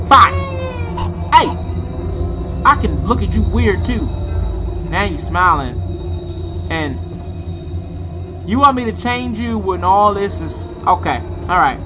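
Animated let's play host, man, swings up and down in pitch, game music behind. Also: slow, long pauses. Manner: animated, trash-talking the game character. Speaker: gaming channel host.

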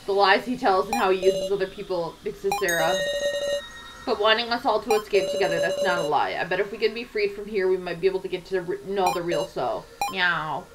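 A woman's voice: medium pitch, fairly quick, very noisy, lightly acted. A woman voicing a sweet, earnest little boy who ends his lines with meow or woof.

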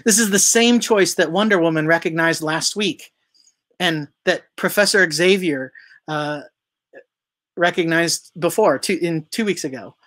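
A pastor preaches in a relaxed, conversational way. The sermon is full of questions put to the listeners, with the odd filler and self-correction along the way. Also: mid-range voice, measured pace.

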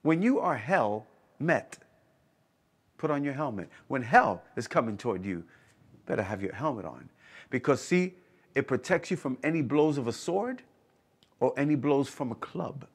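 A man's voice: on the high side, animated, normal speed. A man preaching a sermon with emphasis, repeating key phrases and asking the listeners whether they are hearing him. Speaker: pastor.

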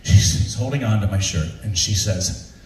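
A man's voice: normal speed, slight background noise. A man, an actor, telling a comic convention story live on stage and acting out the people in it. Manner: animated, acts out quoted voices with big pitch jumps. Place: large room with a live audience, from far off. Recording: echoey room, distant mic, faint ambience.

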